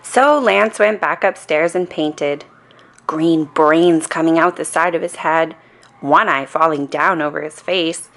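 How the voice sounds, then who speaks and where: A woman reading a bedtime story aloud, gentle and expressive. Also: low-pitched, measured pace. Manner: gentle and expressive, with playful voices. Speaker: storybook reader.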